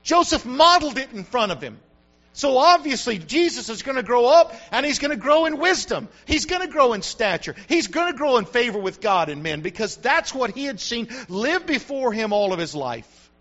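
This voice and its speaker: A man's voice: very high voice, very animated, normal speed, sharp tone, highs cut off. An older man from the United States, a grandfather and pastor, preaching a sermon with repetition and rising emphasis.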